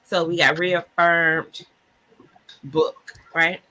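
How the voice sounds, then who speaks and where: A woman hosting a podcast live online, talking in an excited, churchy, casual way, often laughing and saying y'all. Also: on the low side, extremely slow. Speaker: podcast host. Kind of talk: casual live-stream chat.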